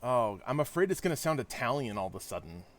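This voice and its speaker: A man's voice: mid-range voice, sing-song, fast talker. Chatty self-deprecating male game streamer. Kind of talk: casual live-stream chat while gaming.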